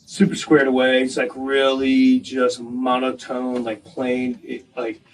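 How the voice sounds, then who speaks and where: A man's voice: medium pitch, completely flat delivery, a little slow, distant mic, poor audio. A man co-hosting a podcast, telling casual, profane stories about his military training, laughing often and acting out the voices of the people in them. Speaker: podcast co-host, former Navy SEAL. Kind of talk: casual storytelling chat.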